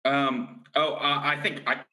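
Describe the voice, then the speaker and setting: A man co-hosting a comedy podcast over a video call, making wry, deadpan asides. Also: medium pitch, a little slow. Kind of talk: casual comedic chat and script reading. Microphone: video call on a mobile hotspot.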